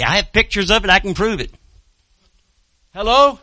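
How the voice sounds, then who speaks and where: High, bright-voiced folksy preacher man. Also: big pitch swings, normal speed, pauses often, no echo. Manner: folksy storytelling, calling out to the congregation. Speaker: pastor. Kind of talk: sermon with personal testimony.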